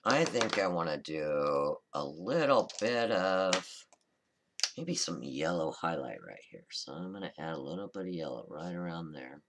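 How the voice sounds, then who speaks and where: A man hosting a card-making tutorial, talking through a coloring demonstration in a relaxed, chatty, reassuring way and often correcting himself mid-sentence. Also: low voice, measured pace, slight background noise. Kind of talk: casual step-by-step crafting demonstration.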